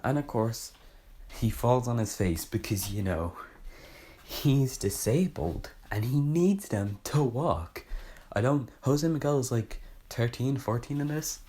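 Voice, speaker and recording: A man's voice: mid-range voice, expressive, measured pace, warm tone. A young man casually reviewing a book, rambling and sarcastic, often correcting himself mid-sentence.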